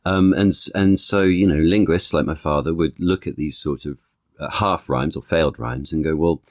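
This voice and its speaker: A man, an actor and author, talking as a podcast guest in a thoughtful, halting way, piling up analogies with many restarts. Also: rumbling low, no room sound, clean studio sound. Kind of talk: conversational podcast interview.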